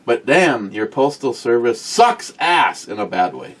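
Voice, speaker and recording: Man, mid-pitched, co-hosting a casual talk show; easygoing and joking. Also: very animated, measured pace, fairly bright tone. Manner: joking, chatty. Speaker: co-host. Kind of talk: casual chat.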